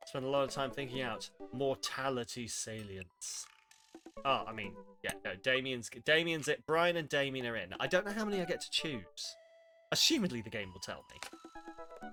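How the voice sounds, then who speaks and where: A man streaming a game, reading its lines aloud and reacting with wry, sarcastic asides. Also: mid-range voice. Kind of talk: casual commentary while reading a game aloud.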